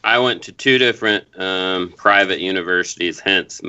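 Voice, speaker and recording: A man co-hosting a casual podcast, telling an animated story and chuckling. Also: deep voice, normal speed, smooth. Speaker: podcast co-host. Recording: slightly dull lo-fi audio.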